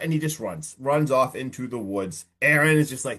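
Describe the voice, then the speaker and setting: A man hosting a podcast tells a horror film back in loose, animated storytelling. His pitch sits mid-range, and he packs in plenty of likes and you-knows as he goes. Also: moderate pace, few pauses. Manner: animated storytelling, heavy filler words. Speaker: podcast host. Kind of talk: casual movie recap.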